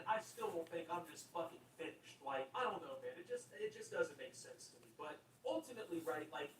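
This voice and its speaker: A man's voice: fairly high pitch, a bit bright. A young man hosting a casual commentary channel, rambling and swearing with constant likes and bros. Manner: rambling, profane, fillers of like and bro. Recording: echoey room, mic at a distance, faint noise.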